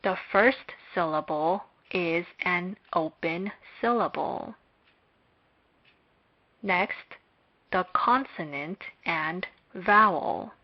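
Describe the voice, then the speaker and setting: A woman giving a slow, scripted lecture on Hebrew, speaking in a measured, deliberate way with long pauses. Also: on the low side. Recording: dull lo-fi recording.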